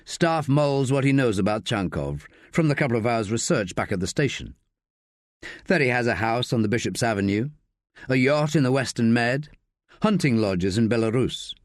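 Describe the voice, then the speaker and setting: A man narrating a crime audiobook in measured, scripted storytelling on a close studio mic. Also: medium pitch, animated, no room sound.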